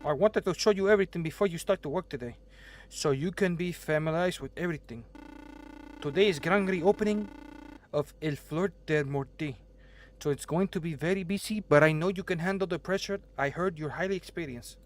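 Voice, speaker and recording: A man's voice: a little high, a little fast, pitched above the performer's own voice, lightly acted. A man voicing a formal, stern elderly restaurant owner in a put-on accent while reading game dialogue aloud. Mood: instructive. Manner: exaggerated put-on accent, formal instructive delivery.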